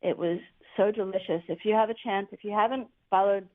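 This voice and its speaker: A woman's voice: medium pitch, fairly even intonation, brisk, no echo. Woman on a tinny phone line. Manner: rambling, searching for words. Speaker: guest musician. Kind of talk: casual interview chat.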